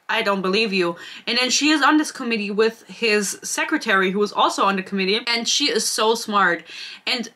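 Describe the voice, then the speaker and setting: Bright-voiced sarcastic woman reviewing books. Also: on the high side. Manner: sarcastic, swears freely, rambling. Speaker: book reviewer. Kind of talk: casual book review rant.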